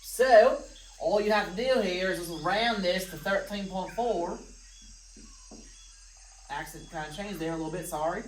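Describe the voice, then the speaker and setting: A woman's voice: on the low side, a little slow, long pauses, soft background music. A woman teaching a recorded math review lesson, walking through problems step by step with playful, jokey asides to students. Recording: roomy, from a distance of the mic.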